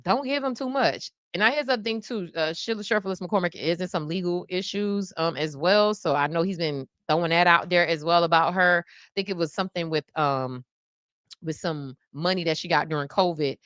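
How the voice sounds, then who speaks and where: A woman's voice: on the low side, a little fast, a bit bright, clear, resonant tone, no room sound. A woman in her thirties hosting a live podcast, chatting casually and animatedly in slang and laughing often. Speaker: podcast host.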